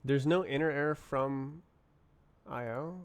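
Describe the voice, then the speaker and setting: Slow, smooth-voiced man coding aloud. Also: medium pitch. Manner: halting, muttering to himself. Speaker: programmer streaming live coding. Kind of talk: thinking aloud while coding.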